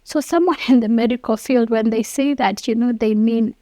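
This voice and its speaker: Interview guest: earnest woman in her fifties, fairly high voice, dry close sound. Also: normal speed, dark tone, dry recording. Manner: earnest, acts out quoted dialogue. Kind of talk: personal storytelling.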